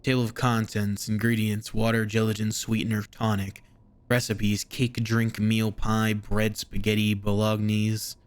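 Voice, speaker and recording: A man's voice: on the low side, level tone, unhurried. A man doing casual let's play commentary, offhand and muttering as he reads on-screen text. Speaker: gaming YouTuber.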